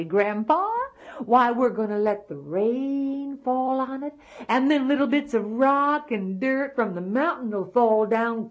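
A woman's voice: mid-range voice, dull audio. A woman voicing a feisty old grandmother in a told folk tale, folksy and matter-of-fact.

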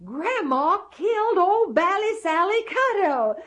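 A woman voicing an excited young boy in a told folk tale, calling out high and loud. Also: takes it slowly.

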